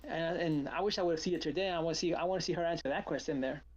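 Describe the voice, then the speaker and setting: A man's voice: on the high side, very fast, muffled recording. An older man chatting casually, blunt and swearing as he tells stories. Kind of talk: casual chat.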